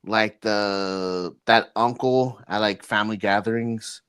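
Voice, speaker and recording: A man's voice: lowish voice, steady tone, slow pace, fairly bright tone, smooth. Slangy young man co-hosting a podcast. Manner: loose, slangy, profane, calls his co-host dude. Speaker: podcast co-host. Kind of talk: casual chat.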